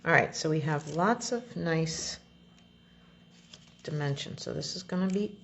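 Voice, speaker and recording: A woman with a low, gravelly voice talks slowly through a card-making tutorial, explaining each step as she goes. She speaks in a relaxed, chatty way. The recording is a little dull, with a faint hiss behind her. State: has the hiccups. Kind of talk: crafting tutorial.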